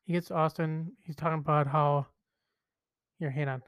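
A man hosts a casual wrestling podcast, talking in a loose, rambling way and restarting his sentences as he retells what others said. His voice sits a little high. The sound is dry and close, with no room around it. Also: steady tone, normal speed, a bit bright, clean tone, no echo. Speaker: podcast host.

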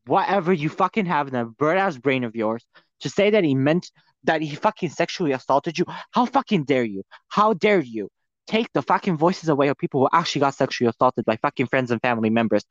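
A man's voice: fairly high pitch, no echo, highs cut off. A man co-hosting a casual commentary chat, ranting with lots of profanity and rising anger.

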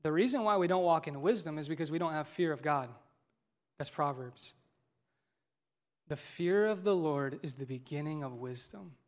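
A man preaching a sermon as lead pastor, swinging from loud emphasis to near whispers and calling on the congregation to answer back. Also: a little high, moderate pace. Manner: asks congregation to call back responses.

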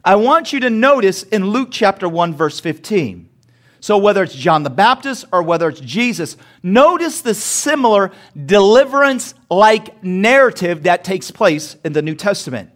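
A man preaching a sermon as pastor, asking the congregation to repeat words after him and building to shouts. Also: sits high, very animated, moderate pace. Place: church sanctuary.

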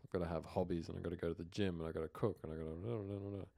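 Chatty Australian man, low voice. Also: steady tone, very fast, gravelly, warm tone. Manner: rambling, chatty, frequent fillers and restarts. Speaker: podcast co-host. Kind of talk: casual chat.

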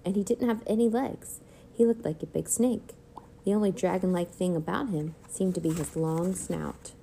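A woman reading a children's chapter book aloud in clear, even storytelling. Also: fairly low pitch, normal speed, slight background noise. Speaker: read-aloud narrator.

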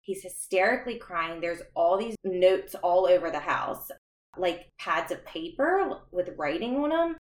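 A woman's voice: lowish voice, animated, unhurried. A young adult woman telling her own story as a podcast guest, earnest and reflective, laughing now and then between remarks. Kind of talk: candid personal storytelling. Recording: roomy echo.

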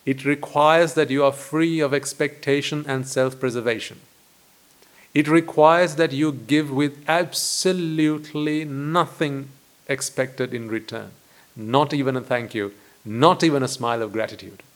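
A man, a Buddhist monk, giving a dharma talk in a deliberate way, full of rhetorical questions and repetition. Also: mid-range voice.

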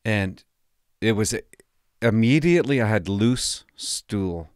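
A man's voice: on the low side, lively intonation, takes it slowly, a little mellow, dry recording, clean studio sound. Rambling man telling a story. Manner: rambling, self-interrupting, laughs at his own story. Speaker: former police cadet telling stories. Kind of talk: casual storytelling monologue.

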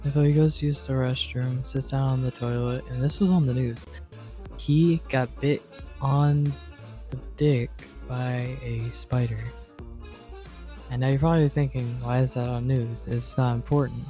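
A man with a mellow, dark voice rambles through crude anecdotes in casual chat. He hesitates with fillers as he goes. Faint music plays underneath. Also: medium pitch, steady tone, measured pace. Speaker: podcast co-host.

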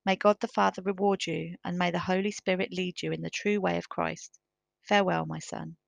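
Woman voicing kindly old storybook priest, low, dry close sound. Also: fairly even intonation, a little fast, gravelly, dry recording. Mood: tender. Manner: gentle, blessing. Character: gentle old male Christian priest.

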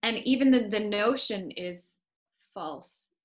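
A woman's voice: mid-range voice, slow pace. A woman working as an accent coach, explaining her views firmly in a podcast conversation. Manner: firm, opinionated explanations.

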